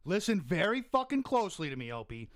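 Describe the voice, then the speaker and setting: A man's voice: high-pitched, brisk, slight background noise. A man co-hosting a podcast, ranting and mocking in profane comedic commentary. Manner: animated, sweary, mocking rants. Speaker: podcast co-host.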